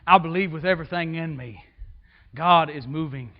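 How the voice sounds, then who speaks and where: A man preaching a sermon as assistant pastor in a church, passionate and folksy, swinging between shouts and quiet asides. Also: on the high side, moderate pace, dull audio. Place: church sanctuary.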